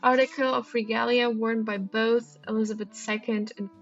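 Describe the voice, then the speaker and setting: On a dull lo-fi stream with faint music behind her, a woman solves a crossword, voicing the clues and pondering answers with frequent hesitant ums. She speaks at a normal speed in a slightly high voice with fairly even intonation.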